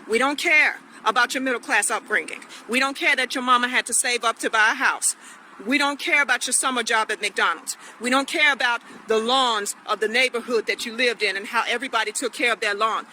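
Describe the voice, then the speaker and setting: Very high, bright-voiced man ranting. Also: a little fast, a little hiss or hum, low-quality recording. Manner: blunt, scolding, repetitive. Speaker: political commentator. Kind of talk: direct-to-camera rant.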